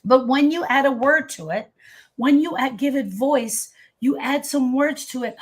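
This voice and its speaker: Woman, middle-aged, grief coach, casual livestream talk, earnest and emphatic, fairly high voice. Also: measured pace, slightly rough. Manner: earnest, emphatic, addresses viewers by name. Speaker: grief coach hosting a live session. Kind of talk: casual livestream talk answering viewer comments.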